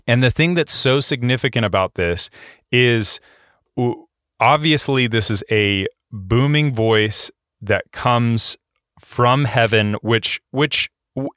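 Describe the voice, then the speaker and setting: A man's voice: medium pitch, fairly bright tone, dry recording, clean studio sound. A man pastor giving a conversational sermon, reading scripture and explaining it with many fillers and restarts.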